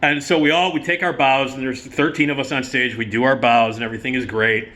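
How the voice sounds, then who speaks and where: Dude telling a crude theater story, bright voice, mid pitch, laughing a lot. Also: male voice, a little fast. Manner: profane, animated, laughing storyteller. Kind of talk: casual anecdote telling.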